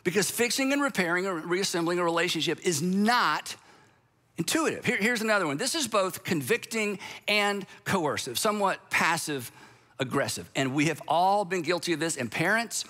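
Bright, high-voiced man giving an emphatic talk. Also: animated, normal speed. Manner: emphatic and conversational, with sarcastic asides. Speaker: speaker. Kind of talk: sermon-style talk to an audience.

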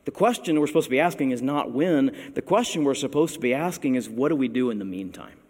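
A man's voice: medium pitch, expressive, quick pace, a little mellow. A man preaching a sermon in a conversational, wry manner with playful emphasis. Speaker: pastor. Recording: long hall reverb.

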